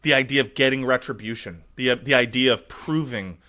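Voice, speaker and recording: A man's voice: medium pitch, a little fast, sharp tone. A man co-hosting a podcast, ranting casually about politics with sarcasm and profanity. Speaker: podcast co-host.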